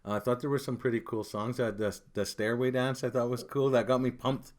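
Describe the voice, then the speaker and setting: A man co-hosting a casual chat, jokey and animated, often trailing off mid-sentence. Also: medium pitch, fairly quick. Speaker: co-host.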